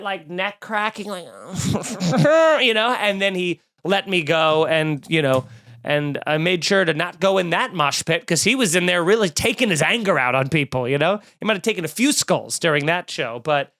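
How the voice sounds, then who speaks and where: A comedian hosting his podcast, telling a story in a casual, animated way, swearing and acting out what people said. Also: high-pitched, normal speed, no echo, studio quality. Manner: animated, swearing, acts out quotes.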